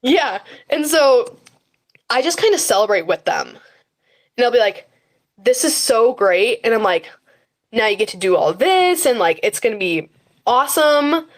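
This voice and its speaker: A woman's voice: a little high, big pitch swings, moderate pace. A teenage girl talking as a podcast guest in a casual interview, chatty and full of fillers, often acting out her own words to others. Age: high school teen. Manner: chatty, frequent fillers and quoted self-talk. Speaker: guest, high school runner.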